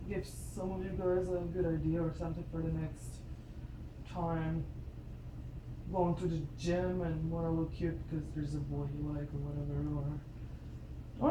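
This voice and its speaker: A woman's voice: on the low side, reverberant, noisy background. A young woman chewing gum, chatting casually and apologetically through an unscripted hair tutorial at home. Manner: chatty, apologetic, rambling with fillers. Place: home room in front of a mirror.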